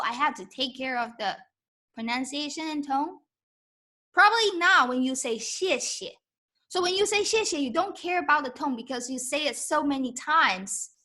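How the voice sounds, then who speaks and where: Female Mandarin teacher, high voice, unhurried pace, encouraging. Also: sharp tone. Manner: mixes English and Mandarin, demonstrates tones by drawing out syllables; encouraging, asks "okay?" often. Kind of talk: live-stream language lesson.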